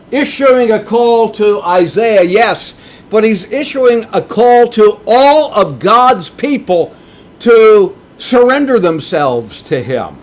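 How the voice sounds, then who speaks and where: A man preaching a sermon in a slow, emphatic way, with big swings in pitch for emphasis.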